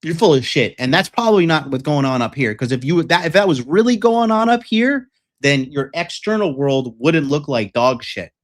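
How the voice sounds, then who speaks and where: A young man who works as a dating coach hosts a livestream, rambling bluntly and profanely with lots of fillers. His voice is on the high side, animated, at a normal speed.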